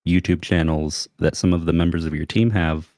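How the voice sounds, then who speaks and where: A man co-hosting a casual livestream, talking in a relaxed, joking way. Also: low voice, brisk, no room sound, clean studio sound. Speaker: co-host.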